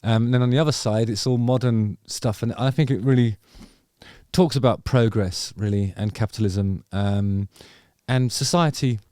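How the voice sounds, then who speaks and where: A man's voice: medium pitch, normal speed, mellow, smooth, no echo, clean studio sound. A man hosting a music review video, musing through casual reaction commentary and trailing off into self-corrections. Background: faint music from the video under review.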